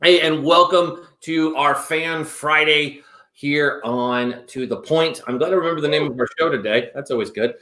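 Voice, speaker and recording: A middle-aged man hosting a show, joking and animated in casual banter. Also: fairly high pitch, normal speed. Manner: animated and joking, prone to whoops. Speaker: show host. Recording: roomy echo.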